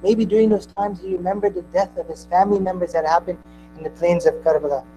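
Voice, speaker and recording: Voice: mid-range voice, steady tone, quick pace, over music, poor audio. A speaker at a mourning gathering, telling a sacred story in an impassioned, grieving sermon.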